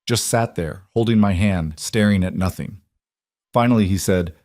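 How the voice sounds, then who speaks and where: Low-voiced man narrating a story. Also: moderate pace, a little mellow, dry recording, clean studio sound.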